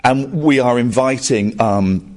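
A man who hosts a late-night phone-in radio show, chatting eagerly with a guest and laughing easily. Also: medium pitch. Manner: animated, eager, quick to laugh. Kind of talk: casual interview chat.

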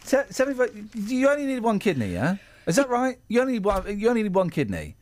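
Excitable radio host, lively pitch. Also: male voice. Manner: joking, excitable, quick to exclaim. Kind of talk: casual radio banter. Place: radio studio. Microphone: studio microphone.

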